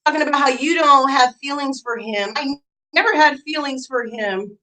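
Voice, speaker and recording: A woman's voice: high voice, moderate pace, bright, forceful tone, rough recording. A woman live streamer in a profane, mocking rant, reacting to clips and messages. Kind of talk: ranting commentary.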